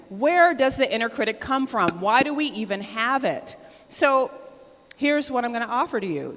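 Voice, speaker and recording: An American woman giving a conference keynote, energetic and loud, calling on the audience to shout out answers. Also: a little high. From United States. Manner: energetic, talks with the audience, asks them to shout out; loud and excitable, close to shouting. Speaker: keynote speaker. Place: large conference hall with a live audience. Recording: live hall with long reverb.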